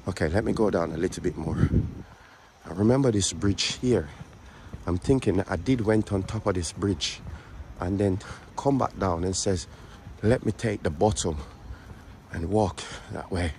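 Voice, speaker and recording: Low-voiced brummie guy walking and vlogging on his phone, a bit out of breath, faint traffic behind. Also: normal speed, dark tone. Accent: Birmingham English. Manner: chatty, joking, repeats phrases. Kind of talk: walking vlog, casual chat to camera. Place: outdoors on city streets.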